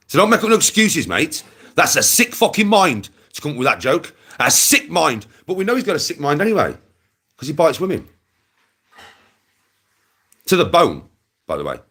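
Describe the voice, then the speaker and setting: A man's voice: on the high side, fairly bright tone, husky. A young man ranting aggressively to his livestream viewers, swearing and repeating himself. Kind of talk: angry rant to camera.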